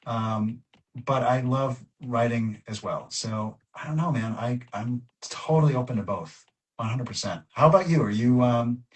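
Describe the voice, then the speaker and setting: A man appearing as a guest illustrator in a casual chat, friendly and agreeable, thinking out loud. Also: mid-range voice, moderate pace.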